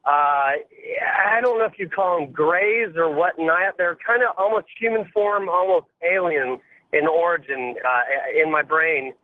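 A man's voice: a little high, a little slow. A man in his forties calling in to a radio show, eager and friendly, stumbling over his words as he tells a story. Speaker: caller. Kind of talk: phone-in storytelling. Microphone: telephone. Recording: tinny telephone line.

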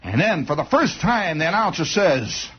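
A man doing a rambling comic monologue, animated, with restarts and vocal sound effects, on a dull lo-fi old recording. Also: on the high side, moderate pace, husky. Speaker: comedian.

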